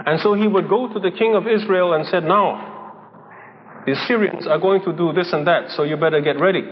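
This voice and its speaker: A man preaching a sermon, telling a story and acting out its dialogue, often laughing as he goes. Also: high voice. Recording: old lo-fi recording in a reverberant hall with faint noise.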